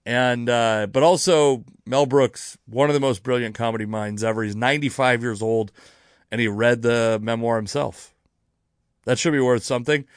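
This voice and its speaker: A man talks alone into his podcast mic in loose, meandering chat, correcting himself mid-sentence and swearing offhand. His voice sits at an ordinary middle pitch. The sound is dry and close, with no room behind it. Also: steady tone, normal speed, clean tone, dry recording. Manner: rambling, self-correcting, casually profane. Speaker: comedian podcast host. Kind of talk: casual solo podcast chat. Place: near Seattle.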